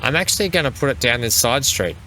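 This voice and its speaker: Animated and quick, his medium-pitched voice has a sharp edge, with a little hiss or hum on the recording. As a gaming channel host, he keeps up casual let's play chatter and speaks directly to the on-screen vehicles.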